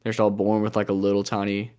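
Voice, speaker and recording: Casual and jokey, a young podcast co-host rambles along, frequently trailing off and restarting. He talks fast in a lowish, dark, clean voice with a completely flat delivery.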